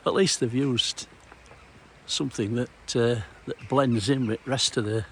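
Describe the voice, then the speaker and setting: A middle-aged man narrates a stroll around a small town in a gravelly, mid-pitched voice. He rambles casually from one sight to an anecdote about his old police days, with a dry sense of humour. A faint hum of the street sits under his voice. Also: fairly even intonation, unhurried. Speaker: former police officer giving a walking tour. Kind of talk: casual walking-tour narration.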